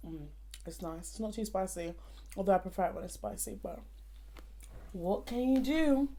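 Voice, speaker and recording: A woman's voice: medium pitch, animated, normal speed, background noise. A young woman chatting playfully to her viewers between bites of food during a casual mukbang. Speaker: vlogger.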